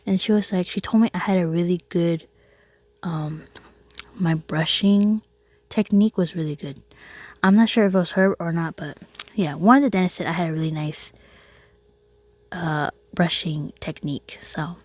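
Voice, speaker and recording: A woman telling a casual storytime to her viewers, chatty and laughing, often dropping into a soft whisper. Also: lowish voice, normal speed, long pauses, no echo. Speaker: vlogger.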